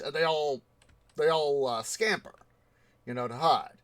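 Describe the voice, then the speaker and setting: Man, gaming livestream host, casual rambling chat, slow drawn-out pace, dry close mic. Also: medium pitch, animated, a bit bright, no echo. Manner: rambling, many ums and restarts.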